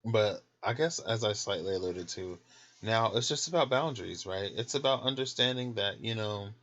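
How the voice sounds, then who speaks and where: Man, very low voice, casual candid ramble, snacking in bed, slightly dull lo-fi audio. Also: animated, normal speed, a bit bright. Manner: candid, loose and chatty, laughs often; snacking while talking. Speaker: tarot channel host. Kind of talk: casual late-night rambling vlog. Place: in bed at home.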